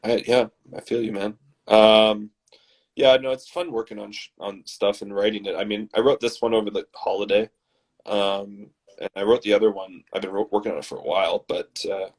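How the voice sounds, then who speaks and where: A man from Canada, hosting and reading his comedy scripts aloud in a dramatic, animated way. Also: on the low side, normal speed, slightly rough. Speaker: host and scriptwriter.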